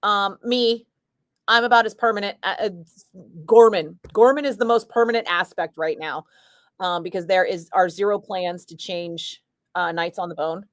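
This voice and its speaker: A woman's voice: mid-range voice, normal speed, dry recording, studio quality. A middle-aged woman, a radio DJ, chatting casually and bluntly with her stream viewers and answering their comments. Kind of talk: casual livestream chat.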